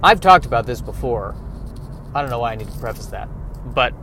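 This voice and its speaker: A man's voice: mid-range voice, expressive, a little fast, long pauses, fairly bright tone, slight background noise. A man hosting a solo podcast, rambling in a wry, self-mocking way while he drives. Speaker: podcast host. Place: car, driving.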